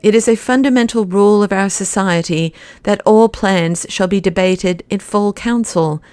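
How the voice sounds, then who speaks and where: A woman's voice: mid-range voice, moderate pace, darkish tone, clear, resonant tone, no room sound, close to an everyday voice. A woman reading the part of a fussy, nervous male anarchist secretary, speaking sharply in protest.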